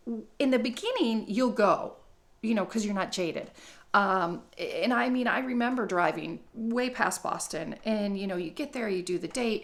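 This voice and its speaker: A middle-aged woman vlogging, talking bluntly and profanely in a rambling, comedic monologue. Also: mid-range voice.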